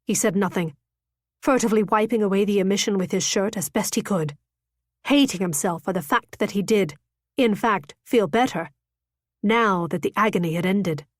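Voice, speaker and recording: A woman reads a romance novel aloud in an intimate, measured way. Her voice sits in a middle pitch, neither high nor low. The recording is dry and close, with no room echo. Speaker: audiobook narrator. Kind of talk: scripted romance narration.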